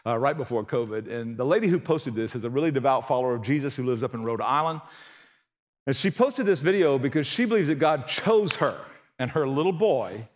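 Brief: male pastor, conversational sermon, punchy emphasis. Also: mid-range voice.

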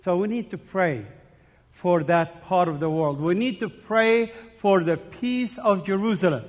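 A guest preacher from the Middle East, a man with a fairly high voice, speaking earnestly to a congregation. He mixes personal stories with urgent calls to prayer. His voice rings with the long reverb of a big church hall. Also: unhurried. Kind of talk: sermon with anecdotes. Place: church sanctuary.

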